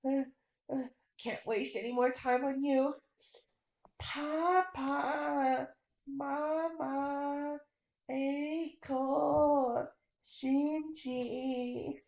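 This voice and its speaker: A scrappy, stubborn young boy with a high voice, blunt and urgent, as a woman reading a storybook puts him on. He speaks very slowly, and the room rings around him. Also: steady tone, vocal fry, a little mellow, echoey room, exaggerated voice, rough recording.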